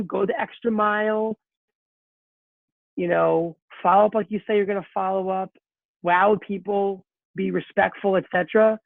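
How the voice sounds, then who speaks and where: On a conference call line with tinny phone audio, a man with a high, echo-free voice acts as a sales coach leading a group. His pep talk is direct and repetitive.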